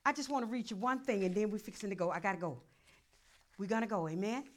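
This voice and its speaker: A woman pastor, preaching a sermon that swings from murmured prayer to loud calls. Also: medium pitch, racing.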